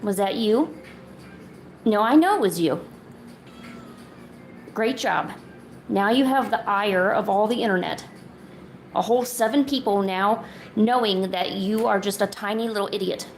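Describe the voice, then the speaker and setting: A woman's voice: mid-range voice, a little slow, long pauses, a little hiss or hum. A woman chatting casually on an art livestream, playfully scolding her cat in a mock-stern voice.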